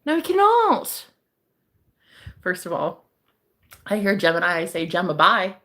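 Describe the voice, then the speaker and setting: A woman's voice: mid-range voice, wildly swooping pitch, unhurried, fairly bright tone. A brash, joking woman chatting casually as a streamer, breaking into laughter often. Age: adult, married eight and a half years. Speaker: psychic streamer. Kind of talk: casual chat.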